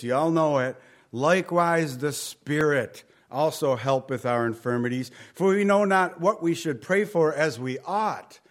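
A man preaching a Bible study sermon in a conversational way, rising and falling in volume and sometimes dropping almost to a whisper. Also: medium pitch. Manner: conversational, varies volume, drops to near whisper. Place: room with a group.

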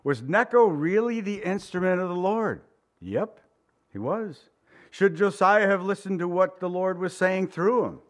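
A man's voice: expressive, unhurried. A man preaching a sermon in a conversational way, asking his listeners questions and acting out quoted voices. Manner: conversational, asks the congregation questions; acts out quoted voices with big pitch swings. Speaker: pastor.

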